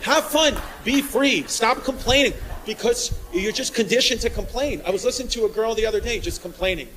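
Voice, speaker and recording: A man from New York doing live stand-up comedy on a club stage, loud and rowdy, shouting his punchlines. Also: sits high, a little fast, hardly any pauses. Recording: live club recording with crowd noise. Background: laughing crowd.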